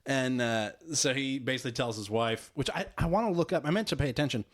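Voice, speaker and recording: A man's voice: medium pitch, fast. A man co-hosting a podcast, recapping animatedly in casual chat, laughing often and swearing casually. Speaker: podcast co-host.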